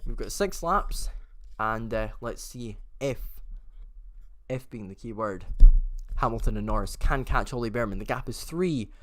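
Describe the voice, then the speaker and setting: A man talks through a motor race live in a loose, chatty way, often stopping to fix a name he got wrong. His voice sits at an everyday middle pitch. The sound is dry and close, with little room around it. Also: animated, measured pace, fairly bright tone, no echo. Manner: chatty, often corrects himself mid-sentence. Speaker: host of a race watchalong.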